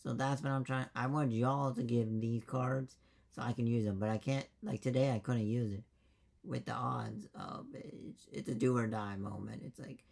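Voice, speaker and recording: A man's voice: mid-range voice, steady tone, normal speed, creaky, darkish tone. A man, the dungeon master, rambling emphatically and swearing in a casual chat after a game.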